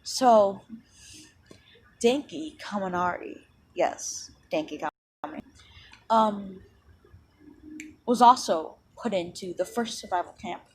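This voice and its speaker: A woman's voice: medium pitch, slow pace, long pauses, darkish tone, breathy edge. Woman, casual story retelling, rambling, lots of fillers. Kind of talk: casual spoken fan-fiction retelling.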